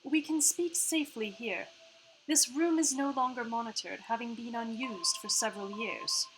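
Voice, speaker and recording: A woman reading aloud the lines of a calm female AI hologram, in a measured, formal manner, her accent sliding toward Australian. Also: a little high, slight background noise, low-quality recording. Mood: calm informative.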